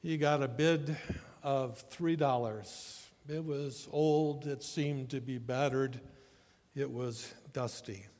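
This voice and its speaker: A man pastor reading scripture and preaching a sermon, telling a story in a measured way and asking rhetorical questions. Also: medium pitch, fairly even intonation, a little mellow. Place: church sanctuary. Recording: long church hall reverb.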